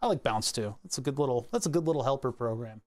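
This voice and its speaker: A man's voice: mid-range voice, animated, quick pace, a little mellow. A man casually walking through his microcontroller code, rambling and self-correcting, laughing at himself now and then. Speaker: hobbyist electronics maker.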